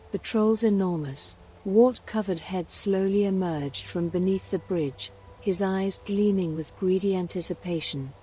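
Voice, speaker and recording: A woman telling a folktale in a soft, hushed, soothing whisper as a bedtime storyteller. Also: lowish voice, unhurried, poor audio.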